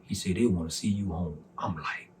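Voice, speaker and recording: A man in his forties with a fairly low voice tells his personal testimony. He speaks softly and earnestly, acting out both sides of a past conversation. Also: fairly even intonation, brisk, slight background noise. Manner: recounts dialogue by voicing both sides, soft and earnest.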